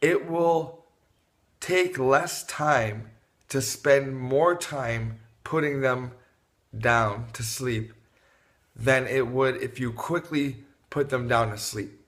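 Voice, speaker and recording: A man's voice: medium pitch, slow pace. Laid-back man giving parenting tips. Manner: relaxed, rambling, many fillers and restarts. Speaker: parenting vlogger. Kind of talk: casual advice talk to camera.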